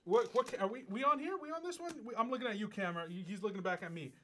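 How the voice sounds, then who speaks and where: A man's voice: high-pitched, racing, slight background noise. A young man co-hosting a student livestream, joking and laughing a lot. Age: young adult. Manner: playful, laughs often, animated. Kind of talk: casual joking chat.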